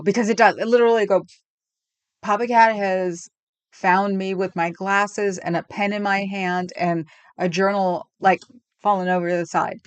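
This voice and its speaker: A woman's voice: mid-range voice, dry recording. A middle-aged woman from California hosting a livestream, chatting casually and rambling with frequent laughs, at home on a desk microphone. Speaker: livestream host. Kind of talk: casual chat with live chat.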